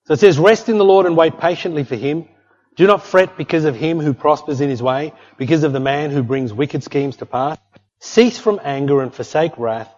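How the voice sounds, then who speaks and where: A man's voice: a little high, moderate pace, darkish tone. A middle-aged man preaching a sermon as pastor, emphatic and repetitive, often calling out "hey" to the congregation. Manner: emphatic preaching with repeated "hey" and "don't fret". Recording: long hall reverb, dull lo-fi sound.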